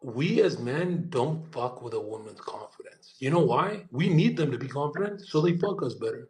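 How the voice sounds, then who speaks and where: A man's voice: mid-range voice, animated, normal speed, darkish tone. Crude ranting young man, echoey room. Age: 20s. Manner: crude ranting, acts out voices. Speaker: streamer. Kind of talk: casual chat.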